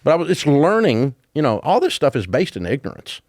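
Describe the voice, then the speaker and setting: A man in his sixties from the Deep South with a Southern American accent, telling stories as a guest in a casual interview. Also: wildly swooping pitch, a little fast, darkish tone, no room sound, studio quality. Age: 60s. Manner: storytelling, folksy, chuckling. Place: office at his headquarters.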